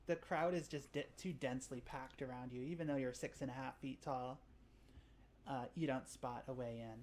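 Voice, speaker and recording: Woman, game master, tabletop narration, very low voice, easygoing. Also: fairly even intonation, normal speed, darkish tone, a little hiss or hum.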